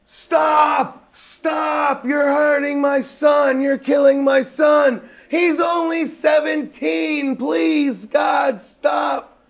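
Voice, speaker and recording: A man's voice: very high-pitched, steady tone, drawn-out words, gravelly, voice pushed up, full character voice. A man putting on a frantic father screaming and pleading for his son to be spared, in a dull lo-fi recording. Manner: shouting, pleading.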